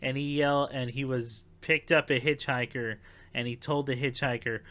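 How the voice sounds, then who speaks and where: Bright-voiced man telling stories casually. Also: medium pitch, steady tone, normal speed. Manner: laughing, loose storytelling with swearing. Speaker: podcast co-host. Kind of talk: casual chat.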